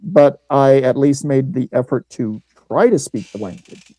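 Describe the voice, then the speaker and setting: A man from Missouri rambles through an anecdote, circling back and restarting his sentences. His voice is mellow and dark, and the sound is dry and close. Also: medium pitch, measured pace, no echo, rough recording. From Missouri, USA. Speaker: podcast host. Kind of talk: casual chat.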